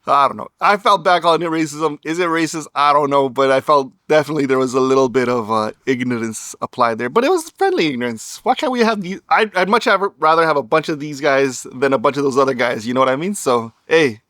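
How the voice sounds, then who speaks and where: A man's voice: mid-range voice, expressive, a little fast, hardly any pauses, a bit bright, dry recording, studio quality. A man vlogging, telling a story to camera in a wry, sarcastic way and laughing as he goes.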